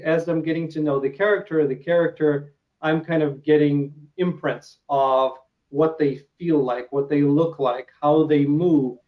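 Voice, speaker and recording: A man's voice: on the high side, lo-fi sound. A man from Ukraine with a Ukrainian accent, Russian his first language, interviewing an actor in a hesitant, filler-heavy casual chat. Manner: hesitant, many filler sounds and restarts.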